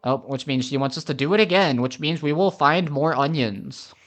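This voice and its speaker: Chatty let's play host. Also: male voice, a little high, lively intonation, moderate pace, a bit bright, soft background music. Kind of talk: casual game commentary.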